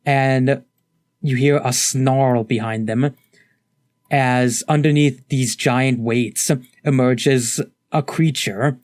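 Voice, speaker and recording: A man narrating as game master of a tabletop game, relaxed and storytelling, slipping lightly into the gods' lines. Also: mid-range voice, no room sound, clean studio sound.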